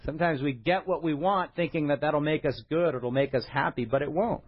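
A man's voice: fairly high pitch, fairly quick, lo-fi sound. A male pastor preaching a sermon in a conversational way, mixing light humor with scripture.

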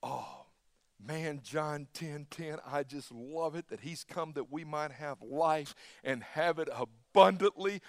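Emphatic higher-voiced male preacher. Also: unhurried, dry recording. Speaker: pastor. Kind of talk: sermon.

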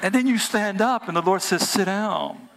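A male pastor with a high, bright, ringing voice delivers a lively sermon. He preaches in a conversational way, joking with the congregation and swinging between playful asides and earnest points. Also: brisk. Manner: animated, humorous conversational preaching.

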